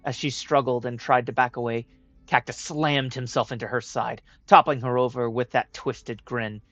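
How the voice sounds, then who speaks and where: Male storyteller, steady read; dry, muffled mic, soft music bed. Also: mid-range voice, moderate pace, no echo. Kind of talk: reading a fan story aloud. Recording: dry, dull lo-fi with faint music.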